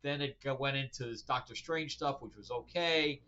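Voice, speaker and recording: Male host, bright forceful voice, loose and blunt, slightly dull recording with faint music under it. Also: medium pitch, moderate pace, a little hiss or hum. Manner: rambling, with frequent fillers and restarts; blunt, opinionated. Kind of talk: casual comic book review.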